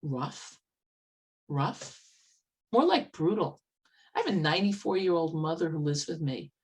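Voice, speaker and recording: A woman's voice: deep voice, sing-song, a little slow, darkish tone, far from the mic. A woman playing an indignant stressed shopper. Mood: distraught. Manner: indignant, repeating herself. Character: stressed, angry woman shopper in a grocery line.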